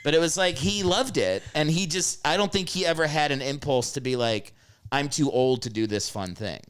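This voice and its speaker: A man hosting a podcast in casual comedic chat, rambling and animated, jumping into high voices to act out stories. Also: moderate pace, clean tone, dry recording. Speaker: podcast host.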